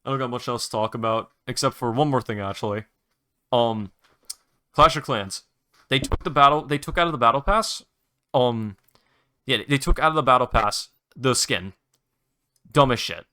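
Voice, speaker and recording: Young male solo podcast host, bright tone, loose rambling delivery, casual swearing. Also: medium pitch, normal speed, smooth. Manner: rambling, restarts, mild swearing, enthusiastic recommendations.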